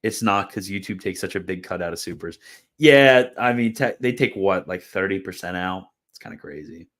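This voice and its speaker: A man's voice: low-pitched, animated, moderate pace, a bit bright. A young man hosting a live stream, chatting casually and answering viewers' questions, rambling with fillers and laughing at comments. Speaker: livestream host answering chat.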